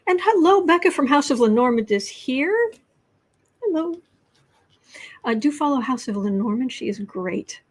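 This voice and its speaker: A woman hosting a casual tarot livestream, talking in a halting way with many ums and restarts, blunt and sarcastic. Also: high voice, very animated. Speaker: tarot and astrology livestream host. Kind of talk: casual political commentary livestream.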